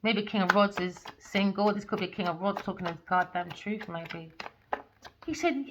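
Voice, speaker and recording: A woman giving a channelled tarot reading, excitable and swearing freely, at times dropping to a soft near-whisper. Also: mid-range voice, normal speed, slight background noise. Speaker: tarot reader. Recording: dull lo-fi audio.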